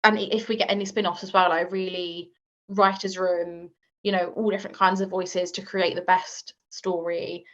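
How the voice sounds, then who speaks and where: A woman's voice: lowish voice, level tone, moderate pace, fairly bright tone. A woman talking as a guest on a podcast, chatty and casual, often filling with "like" and "um". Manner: chatty, leans on fillers like "like" and "um". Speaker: guest author. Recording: slightly muffled lo-fi recording.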